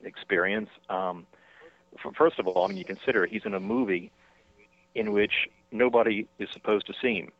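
A man, an author being interviewed by phone, talking in a halting way with many fillers and restarts. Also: fairly low pitch, very animated, vocal fry. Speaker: author and guest. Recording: tinny dry phone line.

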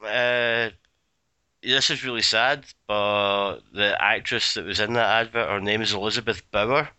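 Male guest, casual and giggly, bright tone, dry mic. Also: fairly low pitch, steady tone, unhurried, clean tone, dry recording. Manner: rambling, giggly storyteller, swears freely. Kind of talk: casual chat.

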